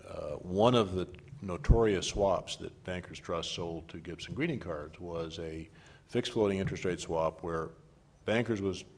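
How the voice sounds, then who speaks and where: A middle-aged man answering as a panelist on risk management, measured and given to repeating words while he gathers his thoughts. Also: low-pitched, a little mellow.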